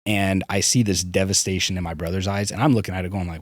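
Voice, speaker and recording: A man's voice: low voice, steady tone, fast, no room sound, clean studio sound. A man, a podcast guest, candidly recounting his childhood, swearing freely and restarting his sentences. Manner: frank, swears, hesitant restarts. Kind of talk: candid personal storytelling.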